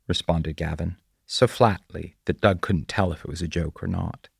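A man narrating a story in a measured, quiet way. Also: low-pitched, vocal fry, breathy edge, no echo, studio quality. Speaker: audiobook narrator. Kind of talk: scripted narration.

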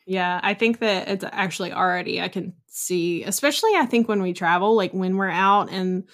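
A woman's voice: mid-range voice, moderate pace. A young woman talking casually as a podcast guest. She tells stories at length and sprinkles in plenty of "like" and "you know". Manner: chatty, storytelling, many likes and you knows. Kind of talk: casual chat.

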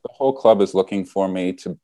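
A man who is a stand-up comedian, telling a story in casual chat in an animated way and swearing freely. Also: sits low, fairly quick, a little hiss or hum.

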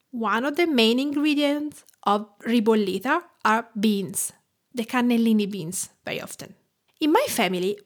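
A woman in her thirties from Tuscany with an Italian accent, hosting a food podcast in a warm, enthusiastic, scripted way. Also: on the high side. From Tuscany, Italy. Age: 30s. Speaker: podcast host, cooking teacher.

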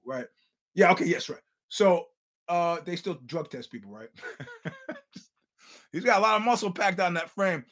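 Brief: middle-aged male host, higher voice, animated storyteller who swears and acts out quotes. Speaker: podcast host. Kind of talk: casual fight-talk chat.

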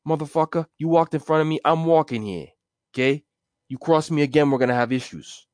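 A man voicing a brash, blunt male New York mobster with a gruff street manner and a put-on New York accent. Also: a little high, sing-song, fairly quick, a little mellow, no room sound, studio quality, pitched above the performer's own voice. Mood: menacing.

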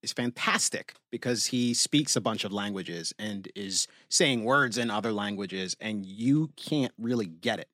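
A man with a low voice chats on a podcast, reflective and halting, full of ums and restarts. The sound is close and dry, with no room around it. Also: bright, forceful tone, no room sound. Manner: reflective, hesitant with many fillers. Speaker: podcast co-host. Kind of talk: casual chat.

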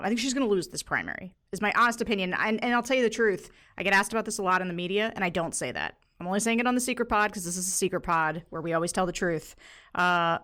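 A woman's voice: lowish voice, a bit bright. A woman co-hosting a podcast in casual chat, giving frank opinions. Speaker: podcast co-host.

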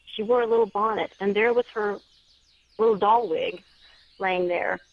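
Woman guest author, earnest storyteller, mid pitch, dull lo-fi sound. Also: fairly even intonation, normal speed. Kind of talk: storytelling in an interview.

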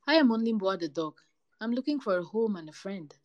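A woman's voice: mid-range voice, expressive, a little fast, muffled recording, pitched above the performer's own voice, close to an everyday voice. A woman voicing a small, eager male dog looking for a friend, speaking politely and keenly.

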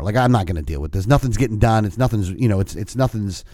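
A man's voice: fairly low pitch, lively intonation, quick pace, darkish tone, dry recording, studio quality. A man co-hosting a casual podcast, rambling with many restarts and reading news items aloud. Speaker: podcast co-host. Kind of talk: casual chat.

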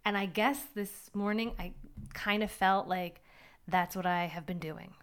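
A middle-aged woman talks through her day in a candid podcast monologue. Her voice is smooth and clear, and her pitch sits in the middle. She rambles a little and gently laughs at herself as she goes. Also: steady tone, unhurried. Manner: candid, rambling, self-deprecating with small laughs. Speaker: podcast host. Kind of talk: personal reflective monologue.

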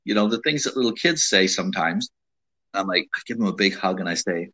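A man hosting a casual advice talk, speaking in a measured way with frequent restarts and repeated words. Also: low voice, animated, pushed and bright, poor audio. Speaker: host giving dating advice.

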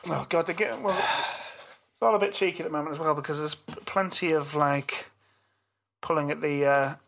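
A middle-aged man on a podcast, telling a story in casual chat with animated, swearing delivery. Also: a little high, moderate pace, creaky. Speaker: podcast co-host.

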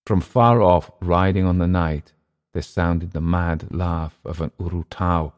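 A man reading a vintage short story aloud in steady, measured narration. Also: low voice.

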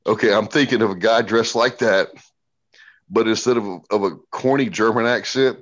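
A middle-aged man talking bluntly and profanely as a podcast guest, telling animated stories. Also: on the low side, normal speed, highs cut off. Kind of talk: casual podcast conversation.

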